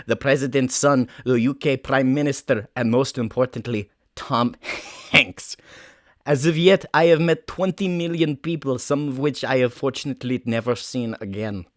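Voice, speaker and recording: A pompous, wandering stranger who no longer knows who he is, voiced by a man doing a comic bit, boasting in stiff broken English with a put-on Russian accent. The voice sits noticeably higher than the performer's natural tone. It is recorded dry and close, with no room echo. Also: lightly acted. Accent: mock Russian. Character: eccentric globe-trotting stranger in an identity crisis. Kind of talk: improvised comic character voice.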